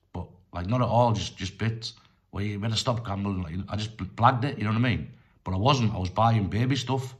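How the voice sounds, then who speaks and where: A middle-aged man telling a personal story in a rambling, halting way, full of restarts and fillers. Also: low-pitched. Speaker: storyteller vlogger.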